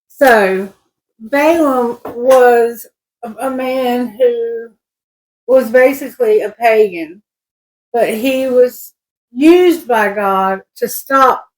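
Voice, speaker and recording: Woman doing a tarot reading, slow and rambly, kinda high voice, keeps restarting sentences. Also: low-quality recording. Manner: slow, rambling, self-correcting. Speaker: tarot reader. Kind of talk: casual spiritual reading.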